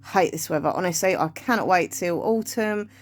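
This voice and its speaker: A woman's voice: lowish voice, fairly quick. A woman, rambling and thinking aloud to the camera while vlogging her day at home and out and about. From England. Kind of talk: casual day-in-the-life vlog chat.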